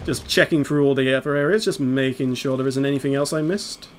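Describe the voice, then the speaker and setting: A man's voice: medium pitch, a little fast, a little hiss or hum. A man hosting a let's play, rambling through casual gameplay commentary and laughing often as he explains. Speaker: let's play host playing the game.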